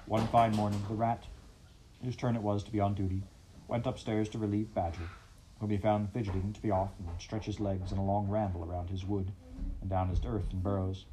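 Guy reading a storybook out loud, measured and expressive, deep mellow voice, faint hiss behind. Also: poor audio. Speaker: audiobook narrator.

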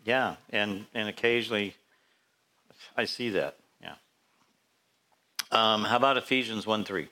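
A man's voice: on the low side, measured pace, long pauses, pushed and bright. A man pastor leading a casual, interactive Bible study, asking his congregation questions. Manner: conversational, asks the congregation questions.

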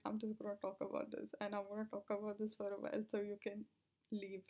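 A woman's voice: medium pitch, completely flat delivery, quick pace, mellow. A young woman rambling to her viewers, out of breath, giggling, swearing freely and sometimes dropping into a whisper. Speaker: vlogger. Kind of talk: rambling casual monologue.

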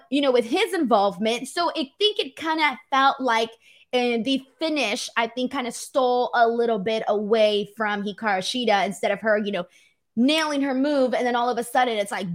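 A woman co-hosting a casual wrestling podcast, reading viewer comments aloud and laughing often. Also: a little high. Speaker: podcast co-host.

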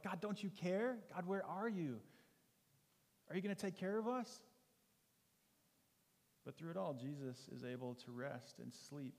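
A male pastor preaching a sermon in an earnest, conversational way, often asking rhetorical questions. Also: fairly high pitch. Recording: long hall reverb.

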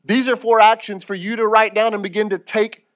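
A man delivers a sermon with a fairly high voice. He preaches in a loose, conversational way, shifting between quiet stretches and louder, lively ones. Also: a little fast. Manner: preaching, animated, retells scripture in casual speech. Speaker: lead pastor.

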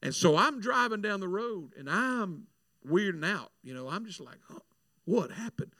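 Gravelly man telling a sermon story. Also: high voice, normal speed, no echo. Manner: animated storytelling, repeats words. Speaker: minister praying at altars. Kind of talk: testimony sermon.

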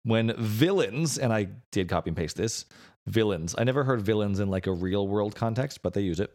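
Low-voiced man explaining at length. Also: lively intonation, normal speed, a little mellow. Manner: explains at length with many restarts. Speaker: podcast co-host. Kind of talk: casual chat.

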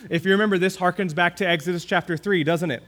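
A man preaching a sermon who reads scripture slowly and leans hard on key phrases, often dropping to a hushed tone. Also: high voice, steady tone. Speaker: pastor.

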